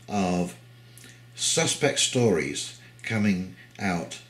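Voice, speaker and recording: Opinionated man commentator, lowish voice. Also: unhurried. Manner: opinionated, hesitant with many fillers. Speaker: political commentator. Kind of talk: casual commentary.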